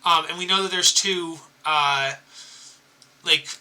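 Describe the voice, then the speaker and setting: A man's voice: on the high side, steady tone, slow pace, pushed and bright, poor audio. A man running a tabletop game as dungeon master, casual and laughing often.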